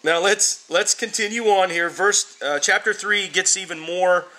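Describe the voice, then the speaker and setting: Leading a Bible class, a man speaks in a high, bright, forceful voice, a little on the slow side. He addresses his students casually as "guys" and drives his points home emphatically by repeating words.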